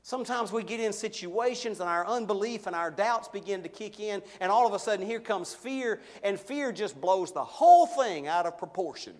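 A middle-aged man preaching a sermon, slowing and swelling on key words for emphasis. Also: sits high, expressive, a little mellow. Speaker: pastor.

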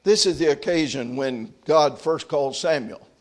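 Man, preacher, sermon, scripture reading, reflective quieter asides, fairly high voice. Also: moderate pace. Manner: reads scripture aloud, then comments in quieter, reflective asides.

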